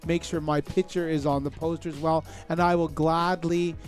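A man's voice: a little high, level tone, moderate pace, soft background music. A man co-hosting a casual podcast, reading out event listings and stumbling over names and dates. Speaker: podcast co-host.

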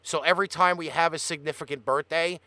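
A man's voice: a little high, steady tone, fast talker, pushed and bright, dry recording. A man with a Brooklyn accent, hosting a casual radio show and swearing freely in blunt banter. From Brooklyn, New York.

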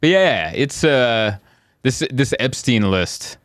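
Lively-voiced joking comedian man. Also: mid-range voice, takes it slowly, no echo, clean studio sound. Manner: riffing, joking, laughs often. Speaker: comedian, podcast host. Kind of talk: casual podcast chat.

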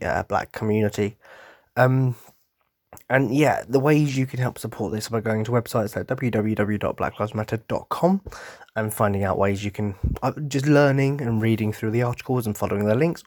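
A man's voice: fairly low pitch, a little mellow, no room sound, studio quality. A young man hosting a casual solo podcast, chatty and rambling, sounding tired. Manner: rambling, self-interrupting and chatty. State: tired from little sleep. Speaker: podcast host.

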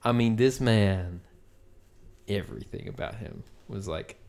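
Brief: podcast co-host, male, low and resonant, relaxed rambling storyteller. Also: measured pace, creaky. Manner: rambling storyteller, acts out quotes. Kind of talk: casual chat.

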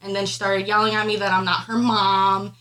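A woman's voice: mid-range voice, little pitch movement, brisk, pushed and bright, rough recording. A pregnant woman on a podcast, emotionally retelling a family argument with lots of fillers. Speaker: podcast co-host. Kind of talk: casual chat, personal storytelling.

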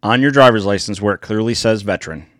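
A man's voice: lowish voice, no echo, clean studio sound. A man hosting a casual chat, reacting briefly and summing up the guest's story. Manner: relaxed, quick short reactions, sums things up.

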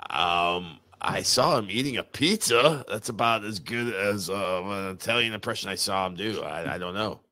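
A man's voice: lowish voice, moderate pace, few pauses, bright, forceful tone, no room sound. A man co-hosting a casual live show, laid-back and laughing along. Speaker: co-host.

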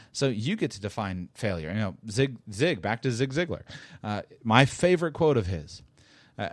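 A man's voice: fairly low pitch, no room sound. A man hosting his own podcast, talking casually and emphatically, restarting sentences and chuckling as he makes his points. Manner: rambling and emphatic, with frequent restarts and repetition; chuckles while making a point. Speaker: podcast host. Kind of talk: casual solo podcast talk.

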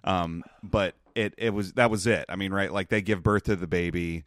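A young man hosts a podcast and talks through a movie plot in a loose, rambling way. He laughs often and swears casually, in a fairly low voice. The sound is dry and close to the mic. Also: steady tone, normal speed, fairly bright tone, no echo. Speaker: podcast host. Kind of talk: casual movie recap chat.

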